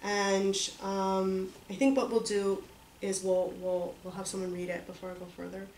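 A woman's voice: mid-range voice, flat delivery, moderate pace, darkish tone. A woman leading a reading group, casually retelling a story with many fillers and restarts. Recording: roomy, distant mic with faint noise.

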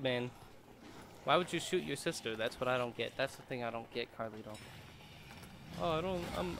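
Man, bright voice, casual let's-play commentary, jokey and chatty. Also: fairly high pitch, slight background noise. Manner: joking, chatty, laughs often. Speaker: gamer streamer.

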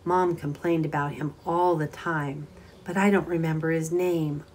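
A woman reading a story aloud and voicing a sad, timid young woman who speaks softly and hesitantly. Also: low-pitched, steady tone, unhurried, a little hiss or hum. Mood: sad wistful. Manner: soft, wistful, hesitant.

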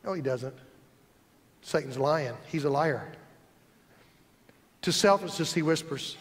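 A man's voice: a little high, normal speed, pauses often. A male pastor preaching a sermon in a church sanctuary, emphatic and stacking up repeated lists. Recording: echoey church hall.

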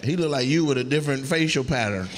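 A man's voice: mid-range voice, animated, fast, background noise. A male stand-up comedian doing crowd work, teasing audience members in a brash, profane way. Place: comedy club stage before a laughing audience. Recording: live club audio with loud crowd laughter.

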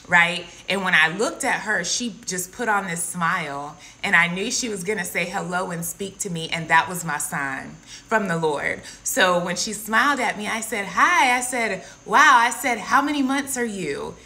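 Give me an earnest woman sharing a devotional story, with a bright, forceful tone. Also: fairly low pitch, moderate pace, few pauses. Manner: earnest, storytelling, addresses listeners as guys. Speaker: Christian content creator. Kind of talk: casual devotional testimony.

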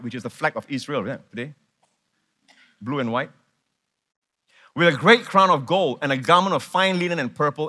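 Bright-voiced male preacher, emphatic. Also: on the high side. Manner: animated, emphatic preaching with repeated words and questions to the congregation. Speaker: pastor. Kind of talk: sermon.

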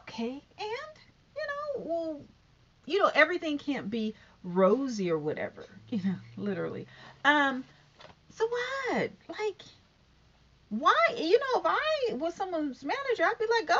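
A woman with a very high voice speaks at a measured pace, rambling through a casual opinion vlog about a talk show. She's a YouTuber, animated and full of fillers and asides. The recording sounds dull and lo-fi.

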